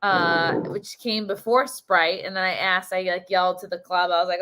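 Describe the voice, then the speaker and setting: A woman's voice: fairly low pitch, fairly even intonation, brisk, few pauses, fairly bright tone. A woman hosting a livestream, a stand-up comedian telling her road stories in a chatty, joking way. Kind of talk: casual livestream chat.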